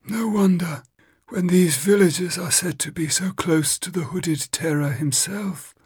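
A man reading aloud voices a gangly, sinister male witchfinder with a high, insinuating, drawn-out delivery. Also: slightly rough, no room sound, clean studio sound, heavily acted.

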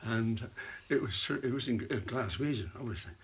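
An older man, an actor, telling rambling anecdotes in an interview and dropping into hushed asides. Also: medium pitch, animated, moderate pace, husky. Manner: rambling storyteller, drops to hushed whispers for asides. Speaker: actor guest.

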